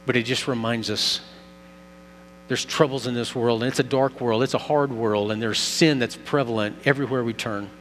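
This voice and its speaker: A man's voice: medium pitch, fairly even intonation, normal speed, faint music behind. A man preaching a sermon as pastor, telling a story earnestly and building emphasis. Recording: long reverb, faint mains hum.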